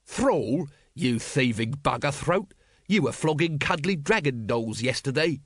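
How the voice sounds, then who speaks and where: A male narrator voicing a gloomy, exasperated watch captain who shouts in disbelief. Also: medium pitch, lively intonation, normal speed, dry recording, studio quality, close to an everyday voice. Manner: exasperated outbursts.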